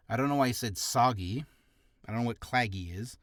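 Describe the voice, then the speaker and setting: A man's voice: mid-range voice, a little fast, fairly bright tone, no room sound, studio quality. A man talking casually in a vlog about reading practice, rambling and poking fun at himself. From Canada. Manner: chatty, rambling, self-mocking. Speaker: voice actor vlogger.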